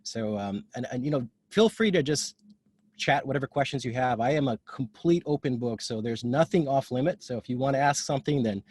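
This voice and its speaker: A man's voice: mid-range voice, expressive, a little mellow, husky, no room sound. A man from Hawaii, giving a casual, open talk as a guest speaker over a video call. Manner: casual, open, talks in quick bursts. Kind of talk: informal talk.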